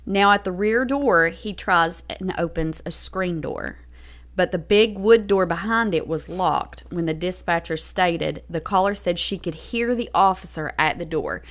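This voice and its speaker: A woman hosting a podcast, reading a true crime story from a script and stopping to explain details to her co-host. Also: fairly low pitch. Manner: reads a script, pauses to explain.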